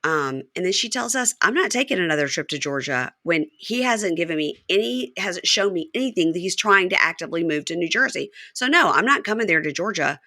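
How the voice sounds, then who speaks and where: A woman hosting a podcast, chatting casually as she recaps a reality show and acts out the cast's lines in quick voices. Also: lowish voice, expressive, pushed and bright, dry recording, clean studio sound. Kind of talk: casual chat.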